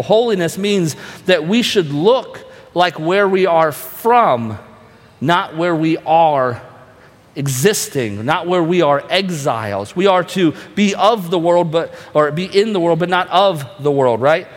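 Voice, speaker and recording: Pastor, male, earnest sermon delivery with rhetorical questions, slightly high voice, reverberant hall. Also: animated, measured pace.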